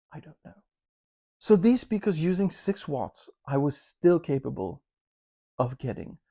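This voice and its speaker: A man talking casually to camera from his home listening room, reviewing speakers with chatty joking asides and drawn-out emphasis. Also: a little high, vocal fry, warm tone.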